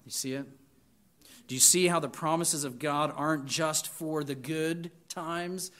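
A man's voice: a little high, fairly even intonation, measured pace, a bit bright. A man preaching a sermon to students, reading scripture with emphatic lists and chatty asides. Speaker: pastor.

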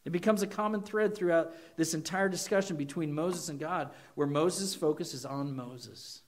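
With a fairly high male voice and a moderate pace, a pastor preaches with sincerity. He challenges listeners with questions and drops in brief, dramatized quotations.

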